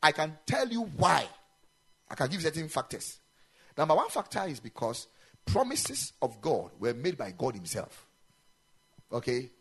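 A man preaching a sermon in a chapel, animated and emphatic, mixing in local-language phrases. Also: fairly high pitch, moderate pace, slightly rough. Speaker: pastor.

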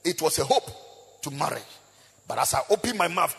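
A man preaching a sermon, chanting in a sing-song voice, rising to shouts, asking the crowd call-and-response questions and breaking into tongues. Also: a little high, big pitch swings, normal speed, pauses often, breathy edge. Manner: bursts of praying in tongues. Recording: echoey hall with faint music.

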